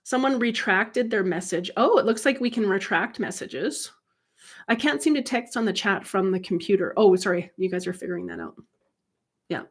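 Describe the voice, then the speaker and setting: A woman's voice: medium pitch, animated, normal speed, slightly rough. A middle-aged woman hosts a casual livestream as a medium and life coach. She talks in a chatty, candid way, tells personal stories and reads viewer comments aloud into a computer mic.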